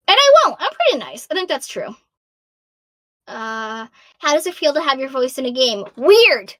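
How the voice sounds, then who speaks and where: Bright bubbly high-voiced woman. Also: no room sound. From Massachusetts. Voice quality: high-pitched. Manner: bubbly, self-deprecating, animated. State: losing her voice. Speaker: voice actor guest. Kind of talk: casual Q&A answers.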